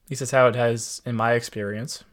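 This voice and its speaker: A man co-hosts a relaxed podcast chat with a mid-range voice. He speaks in a measured, wry way and slips into quoted voices to make a point. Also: mid-range voice. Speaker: podcast co-host. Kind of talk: casual chat.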